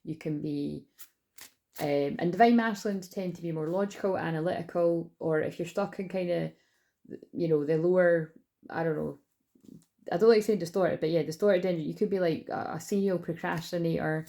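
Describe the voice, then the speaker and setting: Low, gravelly woman reading cards. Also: moderate pace. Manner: chatty, rambling, excitable asides. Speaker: tarot reader. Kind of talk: casual spiritual card reading. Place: at home indoors.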